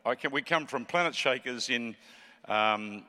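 A man in his seventies with an Australian accent, preaching as a guest pastor, joking with the crowd and rising to fervent shouts. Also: medium pitch, a little slow, in a large hall. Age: 70s. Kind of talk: sermon with joking banter.

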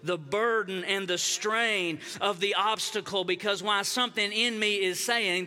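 High, sharp-voiced preaching man. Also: a little slow, hardly any pauses, in a large hall. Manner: fervent preaching with repeated cadences. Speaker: pastor. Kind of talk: sermon. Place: church sanctuary.

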